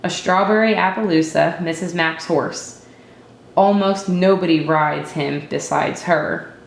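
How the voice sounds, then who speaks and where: A tough, unfriendly stable girl who speaks curtly in plain country talk, as a woman storyteller reads her lines. Her voice stays low-pitched and mellow, and the reading has a roomy echo around it. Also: a little slow, vocal fry, slight background noise.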